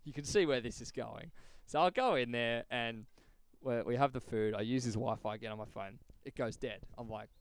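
A man telling a story in casual chat, animated, laughing often and swearing freely. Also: medium pitch, fairly quick, clear, resonant tone, no room sound.

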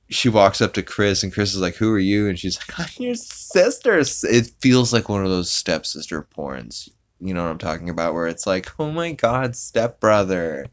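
Low-voiced man recapping casually. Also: a bit bright. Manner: rambling, many fillers, acts out quotes. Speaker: podcast host.

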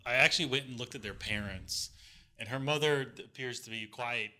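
A man's voice: medium pitch, fairly quick, sharp tone. A man co-hosting a podcast in casual chat, laughing and making crude jokes. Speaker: podcast co-host.

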